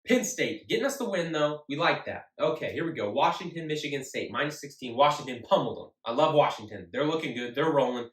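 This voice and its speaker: A man's voice: fairly high pitch, expressive, quick pace, hardly any pauses, fairly bright tone. A man hosting his own sports show, talking casually and emphatically and often repeating himself. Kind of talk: casual solo sports talk. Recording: echoey room, mic at a distance.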